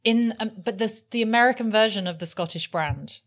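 A woman who does voiceover and comedy acting, chatting casually in a small cafe, self-deprecating and quick to laugh. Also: a little high. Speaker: voiceover artist and comedy actor. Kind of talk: casual chat.

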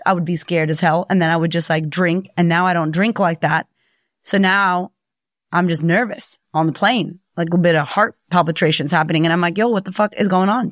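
A woman in her thirties hosting a motivational podcast as a confidence coach, speaking in an energetic, direct and profane way. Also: fairly low pitch, dry recording, clean studio sound. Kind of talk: casual motivational podcast talk.

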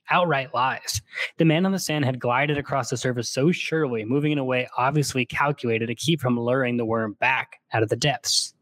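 A man's voice: mid-range voice, dry recording. Man retelling a novel casually. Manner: animated retelling, slips into character quotes. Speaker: book podcast co-host. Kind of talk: casual book discussion with read-aloud passages.

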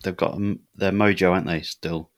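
A man, co-hosting a casual football podcast in a relaxed, halting way. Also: low-pitched. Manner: relaxed, lots of fillers and repeats. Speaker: podcast co-host.

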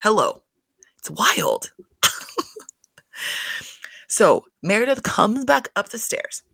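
A woman recapping a reality show in casual, animated chat, swearing freely and laughing often. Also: mid-range voice, slow pace, vocal fry, breathy edge, dry recording. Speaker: reality TV commentator.

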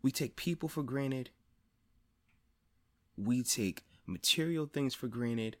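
A man speaking on his own podcast in a blunt, profane monologue, often circling back to the same phrase. His voice sits at an ordinary middle pitch and climbs louder and higher when he drives a point home. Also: takes it slowly. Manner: blunt, swears often, repeats phrases for emphasis. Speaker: podcast host. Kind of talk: personal monologue.

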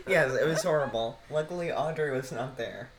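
A woman's voice: low-pitched, moderate pace, a crowd in the background. A woman co-hosting a casual chat over a video call, making dry, wry asides. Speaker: podcast co-host.

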